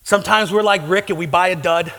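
Male pastor, sermon, high bright voice, long hall reverb, fervent delivery. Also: fairly even intonation, quick pace. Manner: fervent, rising to impassioned pleading.

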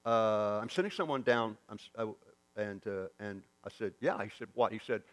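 Here a preacher with a Southern US accent and fairly low pitch tells a sermon story at a moderate pace, animatedly acting out the lines of its dialogue.

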